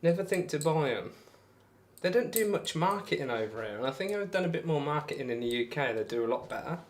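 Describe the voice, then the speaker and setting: A man's voice: fairly high pitch, animated, fast, slight background noise. A young man chatting casually on a live stream while he throws darts, rambling, poking fun at himself and answering viewers. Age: young adult. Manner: rambling, self-deprecating, reads out and answers chat. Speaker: darts livestreamer.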